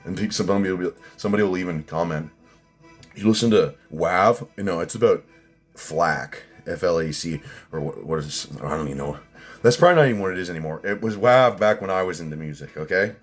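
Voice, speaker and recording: A man's voice: low voice, fast, soft background music. A man in his thirties ranting sarcastically in a casual vlog, swearing often. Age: 30s. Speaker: vlogger.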